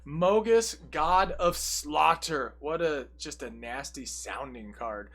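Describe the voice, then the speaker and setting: A man's voice: fairly high pitch, fairly bright tone. Upbeat man reading out card text. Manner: reads card text aloud between quick, jokey asides. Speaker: deck tech presenter. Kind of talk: casual card-by-card deck walkthrough.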